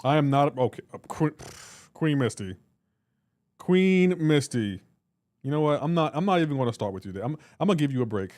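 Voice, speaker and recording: A man's voice: mid-range voice, lively intonation, rapid-fire, few pauses, a little mellow, dry recording. A man on a live reaction stream, teasing and bantering with his chat and laughing often. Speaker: livestreamer.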